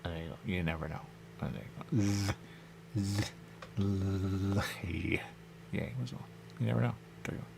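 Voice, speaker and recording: A man with a very low, gravelly voice drifts through a rambling radio monologue. He circles back to the same phrases over and over in a loose, musing way. A faint hiss of noise sits under his voice. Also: normal speed, long pauses. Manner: loose, repetitive, musing, keeps saying "there you go". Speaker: radio show host.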